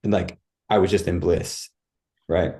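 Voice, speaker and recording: A man with a fairly low, warm, relaxed voice tells a personal story as a podcast guest. He speaks casually and vividly, acting out his own cries as he goes. His talk is full of "like" and "dude.". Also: a little slow.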